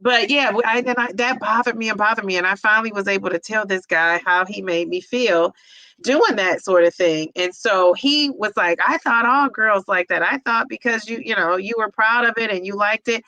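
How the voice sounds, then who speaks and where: Bright-voiced woman chatting on a livestream. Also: mid-range voice, moderate pace, dry recording, rough recording. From United States. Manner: emotional, empathetic, many fillers. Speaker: host reading viewer chat. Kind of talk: casual livestream chat.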